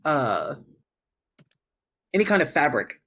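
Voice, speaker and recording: A player in a tabletop game, speaking hesitantly with many pauses and ums. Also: medium pitch, very animated, crowd noise. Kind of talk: casual game chat.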